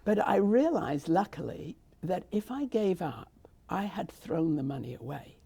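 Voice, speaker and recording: A woman's voice: low voice, creaky, warm tone, husky. An older woman with a British accent, telling her story in a rambling, conversational way during an interview. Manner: rambling, with frequent restarts and asides. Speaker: interviewee, theatre founder.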